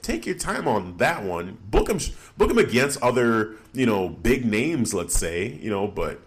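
Lower-pitched young man chatting excitedly. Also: a little slow, few pauses. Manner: animated, exclaims in disbelief. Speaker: podcast co-host. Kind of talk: casual wrestling podcast chat.

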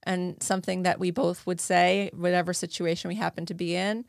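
Woman podcast guest, gravelly low voice, casual chat, dry close sound. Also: flat delivery, a little fast, no echo. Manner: agreeable, filler-heavy, restarts sentences. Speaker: guest, advocate.

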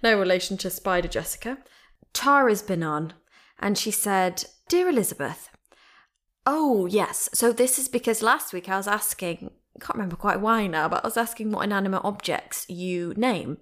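A woman's voice: medium pitch, moderate pace. Bubbly British woman reading listener emails. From Britain. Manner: bubbly, giggly, reads emails aloud with lively asides. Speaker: podcast host. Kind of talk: casual podcast chat reading listener emails. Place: at home.

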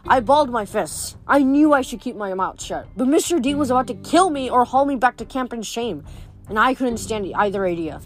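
Female reader, higher register, plain read-aloud with slight stumbles, faint music under. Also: animated, fairly quick. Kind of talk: reading a novel aloud.

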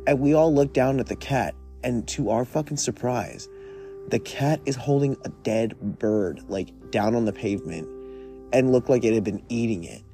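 A man's voice: mid-range voice, normal speed, mellow. A man in his twenties telling a personal story in a laid-back, profane, rambling way, full of fillers. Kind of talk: casual storytelling. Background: faint guitar music.

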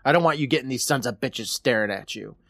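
A man's voice: mid-range voice, fast, gravelly, a bit bright, no room sound. A man voicing a jealous, hot-tempered male logging boss, close to his own voice, while recapping a horror episode on a podcast. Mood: stern.

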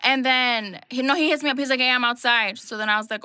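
A young woman spins a crude dating story in casual podcast chat, full of swearing and laughter. Her voice sits high and sounds bright. The recording is dry and close, with no room sound. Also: quick pace, clear, resonant tone, no room sound. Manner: animated storytelling, profane, laughs often.

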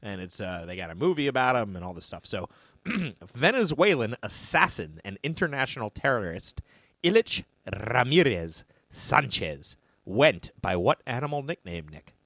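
A man's voice: medium pitch, sing-song, moderate pace, a bit bright, dry recording, studio quality. A man co-hosting a trivia podcast in casual quiz chat, joking and laughing often.

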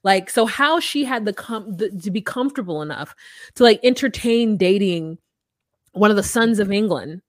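A woman's voice: medium pitch, expressive, normal speed, no echo, clean studio sound. A woman from the United States co-hosting a podcast, talking in a blunt, sarcastic way and swearing freely. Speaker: podcast co-host. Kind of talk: casual chat.

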